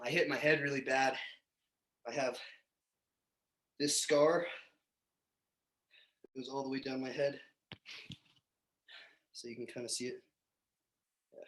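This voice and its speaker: A man's voice: medium pitch, a bit bright, reverberant, poor audio. A young man, a little out of breath, talking in a laid-back, chatty way with some hesitation. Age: young adult. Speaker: guest.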